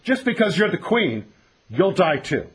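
Animated, husky-voiced male teacher. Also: high-pitched, unhurried. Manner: animated storytelling, acts out voices, reads sources aloud. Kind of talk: text study lesson.

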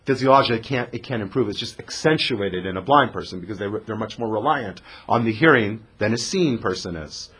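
A man teaching a text study class in a lively conversational way, putting questions to the students in the room. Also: fairly low pitch, fairly quick, hardly any pauses, breathy edge.

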